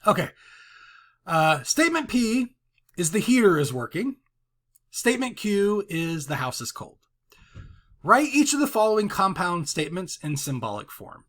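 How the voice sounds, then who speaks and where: A man's voice: high-pitched, sing-song, normal speed, pauses often, fairly bright tone. A man teaching a college math lesson in a conversational way, using everyday examples and often checking in with "right?". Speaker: math instructor. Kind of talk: recorded lecture with writing tablet.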